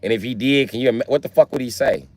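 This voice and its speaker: A man's voice: medium pitch, quick pace, no echo. A man livestreaming from his car on a phone, ranting casually and profanely as he riffs through comedic stories. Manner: profane, animated storytelling. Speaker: live streamer. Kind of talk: casual comedic rant on a live stream. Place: inside a car.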